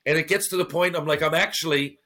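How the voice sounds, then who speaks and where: A former hockey player turned actor tells stories on a casual podcast interview in a fast, slightly high, sharp-toned voice. He acts out other people's lines and swears freely.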